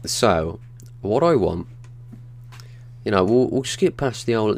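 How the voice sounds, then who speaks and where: A man's voice: lowish voice, expressive, slow. A young man co-hosting a gaming podcast, blunt, sweary and teasing in casual chat. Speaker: podcast co-host.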